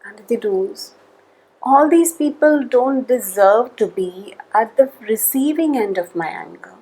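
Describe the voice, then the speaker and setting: A woman leading a guided tapping session, calling out tapping points in a slow, measured way between spoken statements. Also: on the high side, animated, warm tone, husky, low-quality recording.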